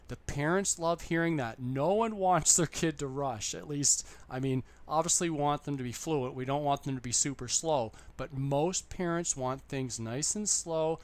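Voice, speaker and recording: Man, slightly high voice, casual how-to talk to camera, upbeat and repetitive. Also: a little slow, hardly any pauses, clean tone. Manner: upbeat, chatty, repeats points. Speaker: online English teacher giving tips.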